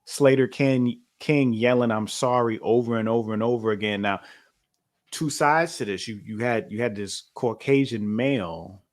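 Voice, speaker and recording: A man's voice: medium pitch, moderate pace. A man co-hosting a podcast in casual chat, loose and conversational, with many fillers and restarts. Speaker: podcast co-host.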